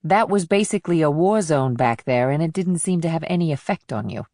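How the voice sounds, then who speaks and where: A woman voicing a blunt, wry female FBI agent in an audiobook, speaking in a low, plain manner. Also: animated, brisk, warm tone, no room sound, clean studio sound. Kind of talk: audiobook dialogue.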